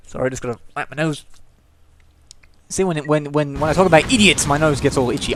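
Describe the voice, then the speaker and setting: Animated young man ranting over game play. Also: on the high side, fast talker. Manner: opinionated, rambling, swears freely, many restarts. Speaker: let's play commentator. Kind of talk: gameplay commentary rant. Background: game music.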